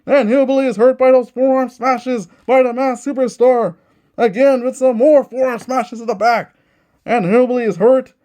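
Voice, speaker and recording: A man with a strikingly high voice calls a dice-driven wrestling match in a play-by-play style. He is eager and keeps restating each hold and strike as it lands. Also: steady tone, normal speed, dark tone. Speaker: host commentating a tabletop wrestling game.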